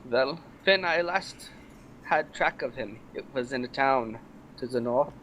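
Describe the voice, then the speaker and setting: A man's voice: mid-range voice, a little slow, a bit bright, a little hiss or hum, low-quality recording. A man playing a tabletop game, speaking politely and formally in character. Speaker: player.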